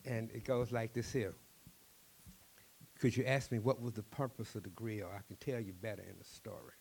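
A man with a Cajun accent, a storyteller talking in an interview, animated and quick, often repeating words. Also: on the low side, vocal fry, breathy edge.

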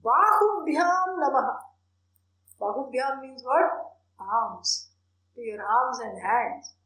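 A woman, a spiritual teacher, explaining a Sanskrit prayer with animated storytelling and soft laughs. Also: fairly high pitch, takes it slowly, roomy sound, rough recording.

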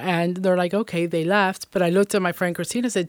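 Middle-aged woman, interview guest, earnest testimony, lowish voice, dry. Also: a little fast, no echo. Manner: earnest, many fillers like "you know" and "um".

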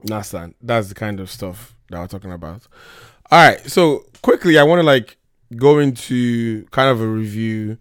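A man's voice: on the low side, expressive, normal speed, clear, resonant tone, no room sound, studio quality. A man hosting a casual call-in podcast, sick and losing his voice, joking and rambling with laughs. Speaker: podcast host.

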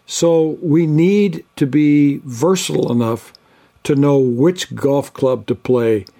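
An older man, a biblical scholar, giving measured conversational answers as an interview guest and listing terms one by one. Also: on the high side, mellow.

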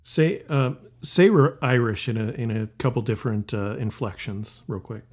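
A man from the United States co-hosting a casual chat show, relaxed and easygoing. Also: medium pitch, normal speed, husky. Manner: relaxed, easygoing, laughs along. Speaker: podcast co-host.

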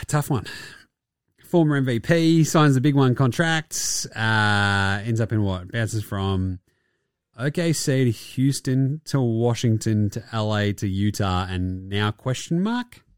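A man's voice: lowish voice, expressive, slow, clean tone, no room sound, studio quality. A young adult man hosting a casual basketball podcast, crude and sarcastic, swearing and laughing often. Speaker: podcast host.

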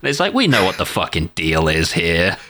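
Deep, bright-toned man, lively. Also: normal speed. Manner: enthusiastic, laughs often. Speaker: podcast co-host. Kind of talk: casual chat.

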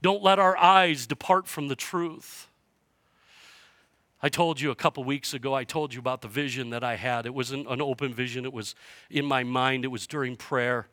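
A man preaching a sermon as pastor to his church, passionate and swinging from hushed to loud. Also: medium pitch, steady tone, moderate pace, dry recording, studio quality. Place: church sanctuary.

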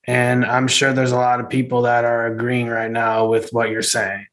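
A man's voice: medium pitch, monotone, normal speed, a bit bright, poor audio. A man hosting a podcast, asking questions in a friendly, somewhat hesitant way. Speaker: podcast host. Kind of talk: interview questions.

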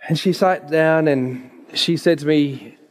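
A man with a slightly raised pitch gives a slide presentation as a naturopath. He tells anecdotes with emphatic delivery and blunt asides. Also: takes it slowly. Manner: emphatic, storytelling.

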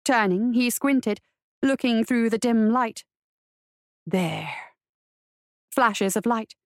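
A woman narrating a western adventure story in a steady storytelling voice. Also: on the high side, unhurried, no echo, clean studio sound. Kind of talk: audiobook narration.

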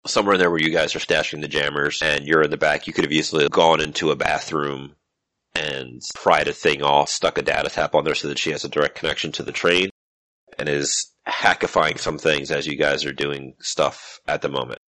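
A man narrating as game master of a tabletop role-playing game, explaining scenes in a relaxed way. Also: a bass voice, brisk, dry recording.

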